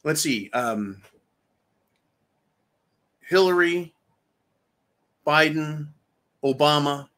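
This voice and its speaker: A man's voice: fairly high pitch, expressive, extremely slow, long pauses, fairly bright tone. A man hosting political commentary, delivering an angry, profane, sarcastic rant and repeating himself for emphasis.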